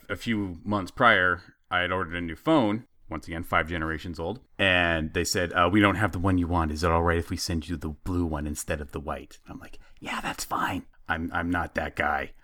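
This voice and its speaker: A man's voice: low voice, steady tone, fairly quick, sharp tone, dry recording, clean studio sound. A man in his thirties telling a story in casual chat, acting out the quoted lines with animation.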